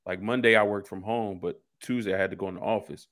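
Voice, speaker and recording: A man's voice: low-pitched, fairly even intonation, quick pace, a bit bright. A man co-hosting a casual sports talk show, telling rambling stories in slangy everyday speech. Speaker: co-host.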